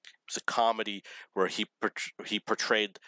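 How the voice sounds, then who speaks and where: Low, bright-voiced man telling stories. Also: little pitch movement, moderate pace, clear, resonant tone, no room sound, low-quality recording. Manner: rambling, self-correcting, wry. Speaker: storyteller. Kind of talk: casual anecdote telling.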